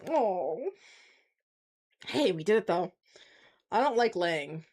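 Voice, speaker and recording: A woman in her forties streaming a game, chatting casually and ranting with profane, animated outbursts. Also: mid-range voice, slow, pauses often, husky. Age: 40s. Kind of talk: casual gaming stream chat.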